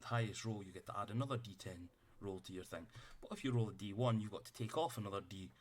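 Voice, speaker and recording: He's a game master with a fairly low voice and a quick pace, heard on a streaming setup. Stepping out of character at the tabletop, he rambles on and swears freely.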